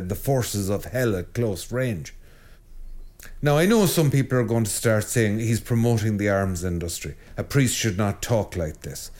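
Medium-pitched and animated, a middle-aged priest hosts his own show with a joking, informal spiritual talk. He frequently stammers and restarts his sentences.

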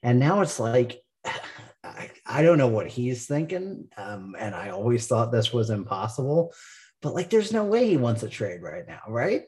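A man co-hosting a casual sports podcast, recapping game highlights with frequent laughs. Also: sing-song, unhurried, darkish tone. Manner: play-by-play recap, laughs often. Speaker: podcast co-host.

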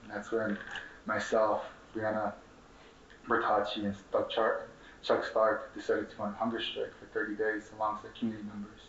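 Speaking at a conference, this young Mexican-American organizer from Chicago gives an impassioned, profanity-laced speech full of repetition and questions to the crowd. Oddly, his fairly low, somewhat bright voice stays completely flat at a normal speed. The recording is distant, roomy, and dull, with slight background noise.

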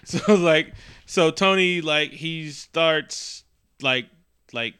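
Bright, animated man recapping a film. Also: fairly high pitch, drawn-out words, clear, resonant tone. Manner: profane, animated, acts out scenes with quotes. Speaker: podcast co-host. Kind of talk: casual movie recap chat.

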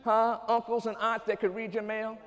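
High-voiced preacher shouting in a hall. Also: male voice, little pitch movement, moderate pace, lo-fi sound, faint music behind. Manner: preaching call-and-response, rising to shouts. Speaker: pastor. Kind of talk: sermon.

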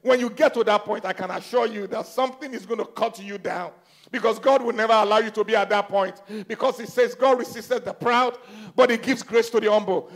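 A man preaching a sermon, moving between loud pleading and quiet, intense speech. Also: very high voice, brisk, vocal fry.

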